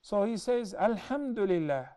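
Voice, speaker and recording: A man explaining a hadith in a measured way, often restating himself as he teaches. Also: high-pitched, animated, warm tone. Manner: measured, explanatory, with repeated self-corrections. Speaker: Islamic teacher.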